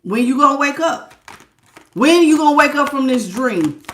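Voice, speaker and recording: A woman's voice: high voice, animated, normal speed, echoey room, noisy background. A woman giving a live tarot reading, scolding her listeners with blunt tough love in slangy casual talk and calling them baby. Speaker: tarot reader.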